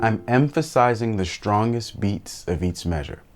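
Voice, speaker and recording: A man's voice: lowish voice, expressive, moderate pace, hardly any pauses. A man teaching a piano lesson for worship musicians, explaining steps and counting beats aloud as he plays, talking straight to viewers in a friendly way. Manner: friendly direct address to viewers. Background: piano playing.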